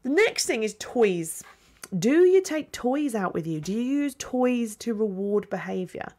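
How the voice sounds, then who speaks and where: A woman's voice: on the high side, sing-song, unhurried, a little mellow. A middle-aged woman hosting a podcast as a dog trainer, talking casually with fillers and small laughs. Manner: chatty, with fillers and little laughs. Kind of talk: casual solo podcast talk.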